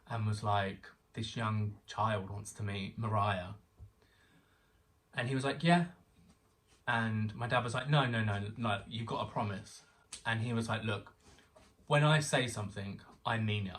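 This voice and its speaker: Young man, animated storyteller, chatty guest, set back from the mic. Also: fairly low pitch, distant mic. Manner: excitable, animated storyteller who acts out quotes. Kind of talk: casual storytelling chat.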